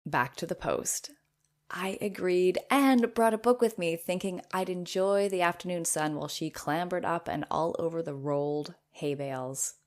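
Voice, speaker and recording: A woman's voice: lowish voice, normal speed. A woman podcast host reading her old blog post aloud and breaking in with playful, amused asides.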